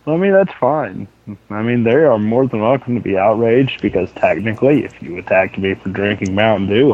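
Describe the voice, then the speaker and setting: A man co-hosting a casual gaming podcast, telling rambling profane stories, with a sore throat. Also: lowish voice. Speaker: podcast co-host. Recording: tinny phone-like line.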